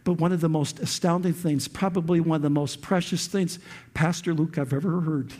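A man's voice: a little high, steady tone, moderate pace, a little mellow. A male pastor preaching a sermon, often repeating words and building to passionate peaks. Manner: preaching with rising intensity, frequent repeated words.

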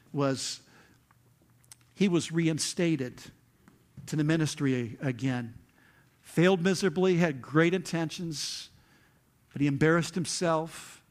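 A male pastor preaching a sermon, retelling a scripture story with lively acted-out quotes. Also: a little high. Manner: animated storytelling, acts out quotes with rising intensity.

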